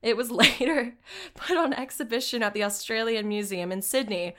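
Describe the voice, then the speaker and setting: A woman's voice: fairly high pitch, normal speed. A woman co-hosting a casual podcast, reading old accounts aloud and breaking off into laughing, swearing asides. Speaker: podcast co-host.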